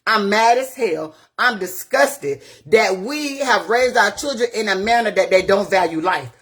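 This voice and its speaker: Blunt, husky-voiced woman on a live rant. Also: medium pitch, expressive. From Gainesville, Florida. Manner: blunt, profane, rapid-fire rhetorical questions. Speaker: community activist. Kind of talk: impassioned live-video rant. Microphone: phone on a live video.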